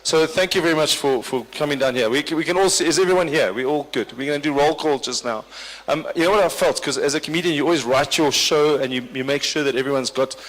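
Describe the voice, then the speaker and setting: Long reverb from a big corporate hall surrounds this MC's live stand-up. He's a fast talker with a slightly high, fairly bright voice, dryly teasing the party crowd.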